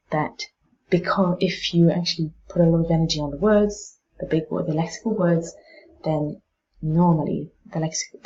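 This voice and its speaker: A woman's voice: low voice, darkish tone, dull audio. Woman teacher demonstrating word stress. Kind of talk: pronunciation exam tips lesson.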